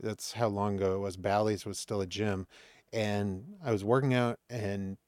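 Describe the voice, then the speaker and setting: Animated storytelling man, low voice. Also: moderate pace, no room sound, studio quality. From Maine, USA. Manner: animated, acts out quoted voices in anecdotes. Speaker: podcast guest, comedian. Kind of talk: casual storytelling chat.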